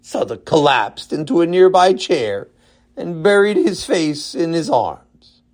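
A man narrating a children's story in a lively, animated voice. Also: on the high side, a little slow.

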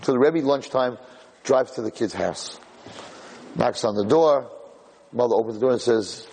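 A man giving a storytelling class as a rabbi to a live group, rambling with restarts and climbing to loud, high peaks. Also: moderate pace, long pauses, a little hiss or hum. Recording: echoey hall.

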